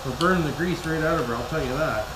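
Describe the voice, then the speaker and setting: A man's voice: fairly high pitch, fast talker, noisy background. A man hosting a casual workshop vlog, folksy and foul-mouthed, talking to his viewers as he works on an engine with tools. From Canada. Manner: folksy, swears a lot, keeps calling viewers "boys". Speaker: vlog host rebuilding an engine. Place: home workshop, working with tools. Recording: echoey room with loud tool clatter.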